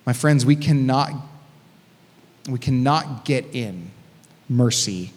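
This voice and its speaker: A man's voice: medium pitch, animated, takes it slowly. A man preaching a sermon as a pastor, reading scripture and breaking in with casual, conversational asides. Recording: long hall reverb.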